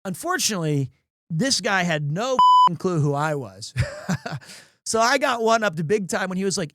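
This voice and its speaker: A man's voice: high-pitched, sing-song, normal speed, pushed and bright, dry recording. Young guy streamer rambling thru a story, restarts a lot, voice dry and close. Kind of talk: casual livestream chat.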